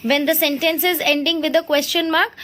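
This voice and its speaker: A woman's voice: high voice, steady tone, brisk, bright, forceful tone. A woman teaching a grammar lesson. She spells words out letter by letter, checks whether everyone follows, and slips into Hindi to explain. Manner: mixes Hindi into English explanations. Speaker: English teacher.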